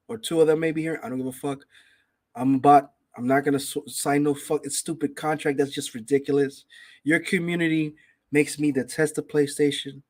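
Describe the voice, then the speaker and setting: A man's voice: fairly high pitch, a little mellow. A man hosting a casual gaming podcast, ranting with heavy profanity and reading out chat names. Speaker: podcast host.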